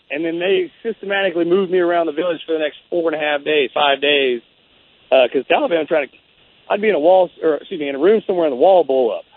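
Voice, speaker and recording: Casual man telling war stories over a tinny line. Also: fairly high pitch. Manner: casual, rambling, says man and bro a lot. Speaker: guest. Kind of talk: interview storytelling.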